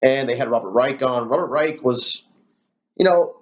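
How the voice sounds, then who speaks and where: A man's voice: medium pitch, normal speed, highs cut off. A man hosting his own political commentary channel, ranting heatedly with plenty of swearing and fillers. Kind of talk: solo rant to camera.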